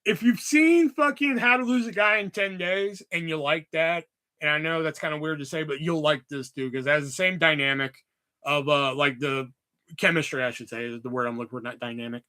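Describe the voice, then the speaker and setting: A man's voice: fairly high pitch, fairly quick, sharp tone. A man hosting a livestream, chatting casually about movies in a rambling, sarcastic way full of swearing. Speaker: livestream host.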